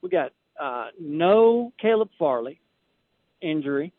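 A man's voice: on the high side, big pitch swings, slow pace, dry recording. Male caller on a tinny phone line. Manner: hesitant, searching for names. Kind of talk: call-in radio.

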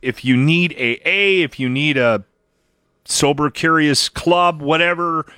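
A man hosting a casual morning radio show, chatty and animated, acting out what other people say. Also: on the high side, unhurried, no room sound. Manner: chatty, animated, acts out quotes.

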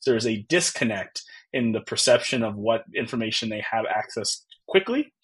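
A man's voice: on the low side, lively intonation, moderate pace, slightly rough. A man in his thirties, a podcast guest, telling a personal story in an earnest, reflective way with many fillers and restarts. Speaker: podcast guest, tech founder.

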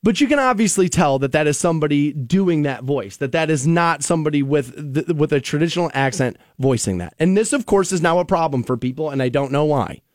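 Heated, high-voiced male podcast host. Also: animated, a little fast, few pauses, a little mellow, no echo, studio quality. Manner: heated, emphatic, profane. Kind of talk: opinionated podcast rant.

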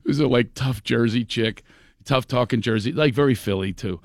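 A man from Philadelphia, a comedian guest telling animated stories on a radio show, laughing often and mimicking voices. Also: mid-range voice, moderate pace, dry recording, studio quality. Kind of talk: animated storytelling chat. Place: radio studio.

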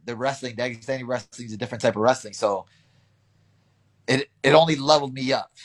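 A young man in a relaxed interview, talking through his training and stories with easy laughs. His voice sits at an ordinary middle pitch. He slips into quick impressions of people as he tells it. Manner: relaxed, laughs often, storytelling with acted quotes. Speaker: interviewed fighter. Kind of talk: casual interview answers.

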